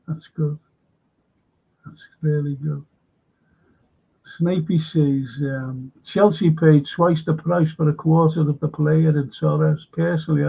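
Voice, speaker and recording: A man hosts a fan stream, drifting slowly through viewer comments and muttered asides. His voice is gravelly and husky, sitting a little high for a man. The audio is dull and lo-fi. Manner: rambling, slow, mutters asides. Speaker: host. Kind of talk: live stream chat reading viewer comments.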